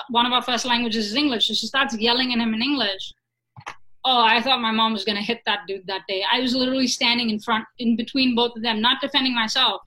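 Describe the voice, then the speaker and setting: Bright-voiced woman telling a lively story. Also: a little high, rough recording. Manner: animated, asks "right?" and "you know?" often. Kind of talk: casual conversational storytelling.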